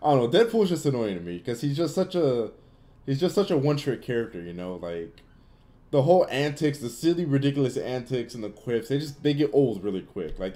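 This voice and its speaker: A young man hosts a laid-back livestream Q&A, answering viewers with blunt, opinionated takes and loose, rambling filler. His voice sits low, and its tone is dark and mellow. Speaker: livestream host answering chat. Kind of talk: casual Q&A livestream chat.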